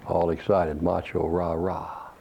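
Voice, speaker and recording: A man's voice: sits low, flat delivery, slow, creaky, dark tone, slight background noise. A man preaching a sermon, asking rhetorical questions and quoting scripture. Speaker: pastor. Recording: dull lo-fi recording.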